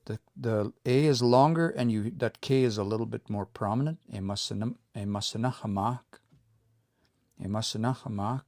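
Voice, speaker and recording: A man giving a casual live-streamed language lesson, explaining step by step and repeating words slowly, with relaxed, informal phrasing. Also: medium pitch, no echo, clean studio sound. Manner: relaxed, informal, says y'all and eh. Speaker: language teacher.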